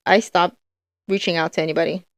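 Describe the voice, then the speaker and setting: A woman co-hosting a podcast in casual chat, speaking in a hesitant, halting way. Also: lowish voice, steady tone, no room sound. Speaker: podcast co-host.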